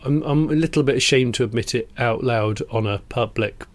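A man's voice: mid-range voice, brisk. A man co-hosting a podcast, chatting in a playful, mock-serious way with stumbling restarts. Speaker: podcast co-host. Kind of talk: casual chat.

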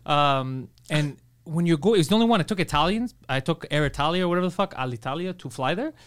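A middle-aged man hosting a podcast, telling profane stories and acting out loud quotes. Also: on the high side, fast, clean tone. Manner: animated, profane storytelling with loud acted-out quotes. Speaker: podcast host. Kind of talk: casual podcast chat.

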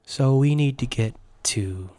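A game master voicing a scheming male ringleader in a tabletop game, low and conspiratorial. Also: measured pace, warm tone, dry recording, lightly acted. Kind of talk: tabletop game role-play.

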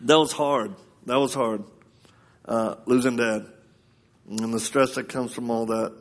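A man preaching at a live church service in an ordinary, middle-pitched voice. He tells stories with lots of laughter and acts out the people in them. His voice jumps up high when he gets excited. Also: measured pace. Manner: animated, laughing storyteller who acts out quoted voices. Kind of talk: storytelling sermon.

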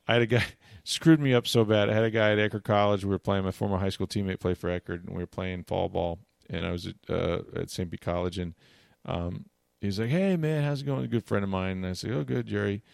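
A man co-hosting a casual sports talk show, telling animated stories about his playing days. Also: low voice, fast, gravelly, dry recording, clean studio sound. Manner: storytelling, animated anecdotes. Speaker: co-host, former player turned broadcaster.

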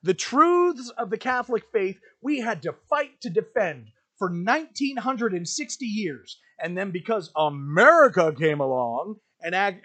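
Animated, high-voiced ranting man. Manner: ranting, emphatic, repetitive. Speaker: podcast host. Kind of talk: impassioned podcast monologue.

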